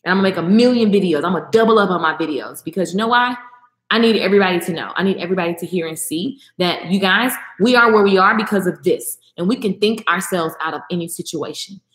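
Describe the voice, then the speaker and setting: A woman's voice: lowish voice, fast, echoey room. A woman vlogger giving a passionate, emphatic motivational talk straight to her viewers, repeating phrases for emphasis.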